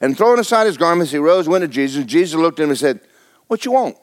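Joking seventy-year-old preacher. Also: male voice, animated, rapid-fire. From Florida. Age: 70s. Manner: folksy, joking, jumps high in pitch for emphasis. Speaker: pastor. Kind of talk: sermon.

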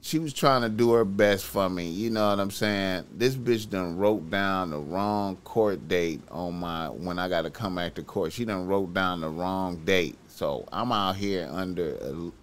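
A man hosting a casual chat, telling a story with heavy profanity and animated delivery. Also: low-pitched, a little slow, hardly any pauses, a little hiss or hum. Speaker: podcast host.

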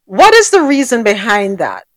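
Animated woman podcast host. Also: on the high side, normal speed, dry recording. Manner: animated, rises sharply when questioning. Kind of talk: casual news recap and chat.

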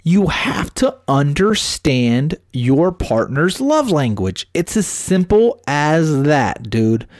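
A man's voice: a little high, very animated, slow, hardly any pauses, no room sound, studio quality. Brash, profane man telling stories. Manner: brash, profane storytelling with acted-out quotes. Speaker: podcast host giving relationship advice. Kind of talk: casual podcast chat.

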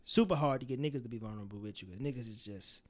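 A man's voice: medium pitch, rapid-fire, a little mellow. A young man co-hosting a casual podcast, talking through friendship advice candidly and animatedly, swearing freely and acting out quoted lines. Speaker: podcast co-host.

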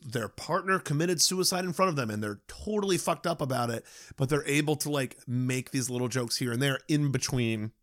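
A man's voice: mid-range voice, brisk, hardly any pauses. Reflective male podcast host. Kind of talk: casual interview chat.

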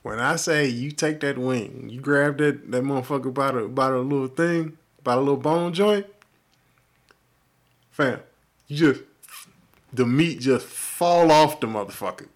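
A man's voice: mid-range voice, a little slow. A man co-hosting a podcast, telling a story in a loose, profane way and acting out the people in it. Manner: animated, profane storytelling with quoted voices. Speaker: podcast co-host. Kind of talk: casual storytelling chat.

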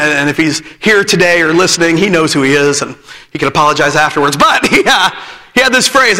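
A man's voice: high-pitched, sharp tone, big-room sound. A man preaching a sermon in an emphatic way, repeating his phrases and breaking into laughter as he goes.

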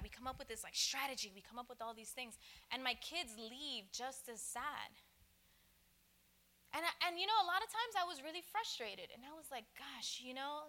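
Woman, church speaker, chatty conversational sermon, high voice, very bright tone. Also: moderate pace. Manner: chatty, acts out dialogues with laughs; addresses audience directly.

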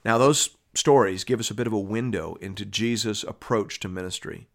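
A man's voice: lowish voice, brisk, creaky. A man preaching a sermon, reading scripture aloud and explaining it in a conversational, emphatic way with rhetorical questions.

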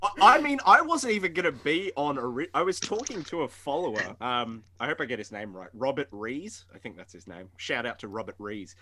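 Sardonic man with a lively, bright voice. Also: mid-range voice, fairly quick, few pauses. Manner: sardonic, swears freely. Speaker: podcast co-host. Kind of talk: casual chat.

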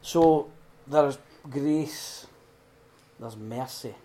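Man, middle-aged, earnest informal sermon, shifts between emphatic and hushed. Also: medium pitch, very slow. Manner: earnest and heartfelt, swinging from loud emphasis to hushed prayer. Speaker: speaker at a recovery retreat.

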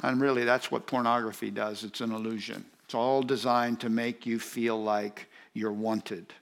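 A man's voice: medium pitch, flat delivery, moderate pace, vocal fry. A man preaching a sermon, emphatic and repetitive, speaking straight to the congregation. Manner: speaks directly to congregation, asides to audience.

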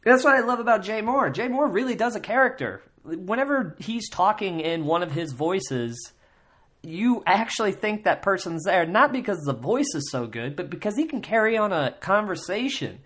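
Solo podcast host, casual and rambling, mid-pitched voice, full of fillers and restarts, breaks into mock voices to quote people. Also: very animated, moderate pace. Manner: breaks into loud mocking voices when quoting others. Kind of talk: solo comedy podcast commentary.

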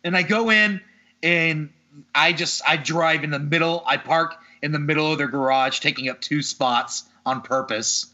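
A man on a podcast tells a story in casual chat, exasperated and freely swearing. His voice is very bright and sits a little high. The audio is slightly dull and lo-fi. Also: normal speed. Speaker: podcast host.

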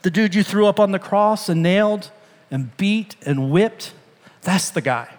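A man's voice: high voice, animated, measured pace. Emphatic preaching man, reverberant hall. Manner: emphatic, conversational preaching with retold dialogue. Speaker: pastor. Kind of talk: sermon. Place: church sanctuary.

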